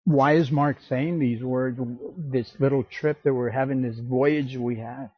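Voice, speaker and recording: A man preaching a sermon as pastor, slow and emphatic, acting out the scripture quotes. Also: medium pitch, fairly even intonation, husky, no room sound, lo-fi sound.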